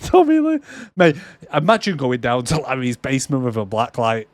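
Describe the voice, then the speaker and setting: Lively, laughing man recapping a film. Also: mid-range voice, normal speed, noisy background. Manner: laughs often, acts out quotes in mocking voices, swears a lot. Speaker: podcast co-host. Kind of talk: casual movie recap chat.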